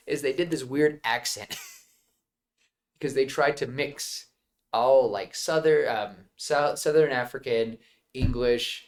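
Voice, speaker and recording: A man's voice: medium pitch, slow pace. A man co-hosting a podcast, chatting casually and rambling about a film, with frequent laughs and restarts. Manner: rambling, animated, laughs often. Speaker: podcast co-host. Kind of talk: casual movie chat.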